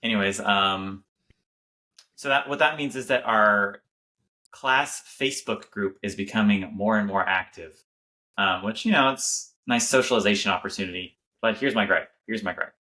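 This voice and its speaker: A man in his late twenties on a podcast speaks slowly and carefully, pausing on ums. His voice is low yet bright and forward. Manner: measured, hesitant with ums, wry. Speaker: podcast co-host. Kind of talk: casual chat.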